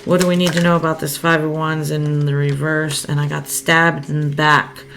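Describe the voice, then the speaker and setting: A woman's voice: deep voice, flat delivery, normal speed, vocal fry, a bit bright, a little hiss or hum. A woman giving a casual spoken tarot reading, chatty and thinking aloud, often laughing as she talks. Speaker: tarot card reader.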